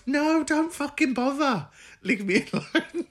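A woman's voice: sits high, expressive, measured pace. A woman hosting a podcast, chatting casually about listener messages, swearing freely and laughing often. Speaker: podcast host.

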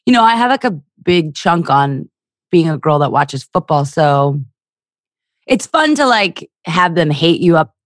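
Young woman comic from Philly, low voice, animated delivery, crude storyteller, dry close mic. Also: measured pace, dry recording. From Philadelphia area. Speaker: stand-up comedian, podcast guest. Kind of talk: casual podcast chat.

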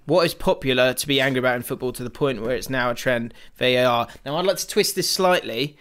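A man's voice: mid-range voice, quick pace, fairly bright tone. A young man co-hosting a podcast in casual, jokey banter, swearing freely and laughing often. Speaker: podcast co-host.

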